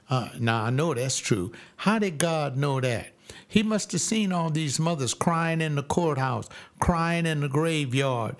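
A man's voice: on the high side, measured pace. A man in his seventies preaching a sermon, emphatic and repetitive, often acting out voices. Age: 70s.

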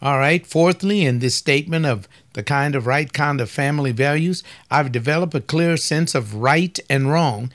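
A man's voice: on the high side, normal speed, few pauses, a bit bright. A man giving a folksy, preaching-style talk on family life. He teases his listeners and fires off rhetorical questions.

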